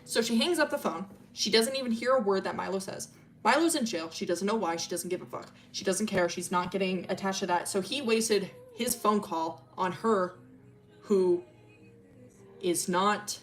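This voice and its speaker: A woman's voice: medium pitch, normal speed, a little hiss or hum. A woman streamer casually retelling a story, rambling and swearing, with lots of fillers and slang.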